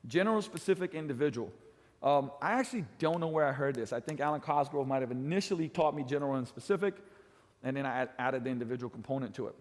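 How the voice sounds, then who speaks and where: A middle-aged man teaching fitness trainers in an energetic coaching lecture, pushing his points hard and often asking "right?". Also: fast talker. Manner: emphatic, swings pitch and loudness for effect, keeps asking "right?". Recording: large hall with long reverb.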